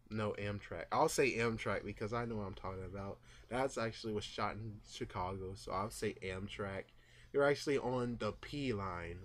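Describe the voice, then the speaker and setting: A man vlogging his casual, rambling thoughts on a movie, full of fillers and asides, who gets louder when retelling scenes. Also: lowish voice. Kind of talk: casual movie reaction vlog.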